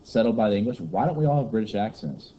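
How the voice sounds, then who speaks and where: A man's voice: fairly low pitch, very animated, quick pace, dark tone. A man from giving a rambling, joking lecture to a class. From Kentucky, USA. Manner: joking, rambling teacher banter. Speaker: teacher. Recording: muffled classroom recording with faint noise.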